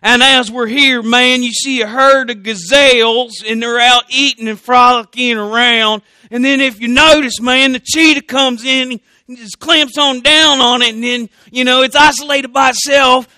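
An excited country hunting-show host, as a man puts him on, narrating with dramatic drawling flair. The voice jumps higher and louder than his usual bright, crisp tone, in a dry close sound. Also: moderate pace, hardly any pauses, no echo, heavily acted.

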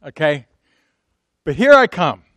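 Man, pastor, high voice, dry close sound, lively, jokey, questioning the audience. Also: slow, no echo. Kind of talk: sermon.

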